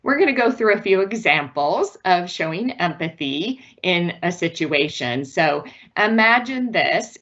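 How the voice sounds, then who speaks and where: A woman's voice: lowish voice, a bit bright, muffled recording. A woman giving a virtual parenting presentation in an earnest, patient, instructive way. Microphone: video call.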